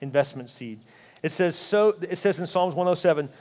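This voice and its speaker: A man's voice: on the high side, lively intonation, moderate pace, a little mellow. A man preaching a sermon as pastor, telling a story and then building up with emphatic repeated rhetorical questions. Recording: hall reverb.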